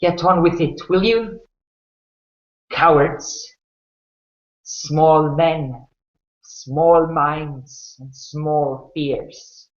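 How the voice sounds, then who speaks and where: A man's voice: fairly high pitch, very slow, pauses often, voice pushed up. A proud old woman, voiced by a man in a tabletop game, spitting out short, scornful phrases. Her voice sits a little above his usual one. The sound is roomy and dull. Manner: scornful, clipped.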